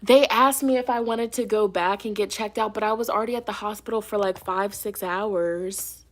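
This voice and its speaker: Animated woman telling a story. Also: medium pitch, normal speed. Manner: animated and emphatic, swears freely. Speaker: tarot reader and channel host. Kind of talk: casual storytelling to camera.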